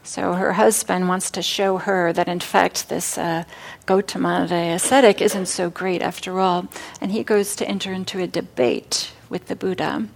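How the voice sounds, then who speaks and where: A woman giving a dharma talk at a meditation center, telling a teaching story with frequent pauses and fillers. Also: lowish voice, fairly even intonation, gravelly. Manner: warm storytelling, hesitant fillers.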